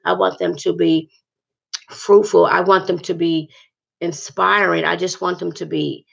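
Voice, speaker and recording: Earnest woman rambling to her viewers, low gravelly voice, kinda muffled lo-fi sound. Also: steady tone, measured pace. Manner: earnest, rambling, repeats herself. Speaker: vlogger. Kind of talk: casual talk to viewers about faith.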